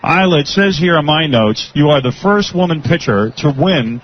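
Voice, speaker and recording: A man hosting a live radio show, teasing and questioning his guests in quick bursts. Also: a little high, expressive. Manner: teasing, interrogating guests rapid-fire. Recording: muffled radio broadcast with noise.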